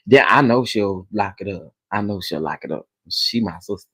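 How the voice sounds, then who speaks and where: A man, hosting a casual commentary chat, animated and dramatic as he talks to his viewers. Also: lowish voice, moderate pace, breathy edge, no echo, poor audio. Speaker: commentary channel host.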